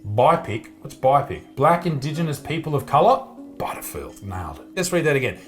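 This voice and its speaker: A man's voice: on the high side, animated, a little fast, soft background music. A young Australian man doing comedic commentary, sarcastic and profane as he mocks what he reads. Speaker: comedian reviewing social media posts.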